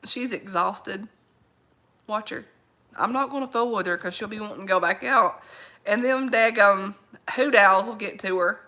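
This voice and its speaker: A woman's voice: mid-range voice, moderate pace, pushed and bright. A woman hosting a casual live chat, greeting viewers by name, rambling in folksy slang and laughing often. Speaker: livestream host reading viewer comments.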